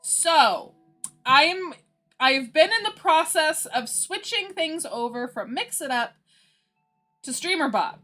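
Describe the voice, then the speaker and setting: A woman's voice: high voice, expressive, slow, a bit bright. A woman hosting a livestream, chatting casually with her viewers and laughing often between lines. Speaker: livestream host. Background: faint background music.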